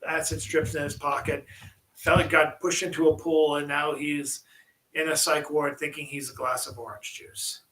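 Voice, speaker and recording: A man's voice: a little high, level tone, normal speed, bright, forceful tone, rough recording. A man co-hosting a casual podcast, joking around and sounding mock-exasperated. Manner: jokey, exasperated, trades mock impressions. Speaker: podcast co-host.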